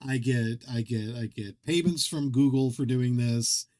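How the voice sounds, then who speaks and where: A man's voice: mid-range voice, unhurried, a little mellow. Rambling self-deprecating man. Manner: rambling, self-deprecating, joking, many restarts. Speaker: streamer host. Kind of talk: casual livestream chat.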